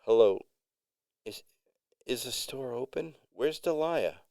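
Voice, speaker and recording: A man voicing an eager woman customer who stammers with excited questions. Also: medium pitch, slow, no echo, voice pushed up. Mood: curious.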